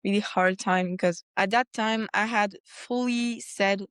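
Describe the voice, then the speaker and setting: A woman speaks as a podcast guest, her voice smooth and resonant and set at an ordinary middle pitch. She recounts her story earnestly and livens up when she retells conversations. The sound is dry and close, with no room around it. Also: fairly even intonation, a little slow, fairly bright tone, no echo. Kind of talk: personal testimony in a conversation.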